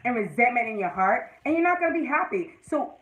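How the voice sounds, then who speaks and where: A woman's voice: on the high side, sing-song, fairly quick, a bit bright, low-quality recording. A woman hosting a casual livestream, giving motivational advice and greeting viewers by name. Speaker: livestream host.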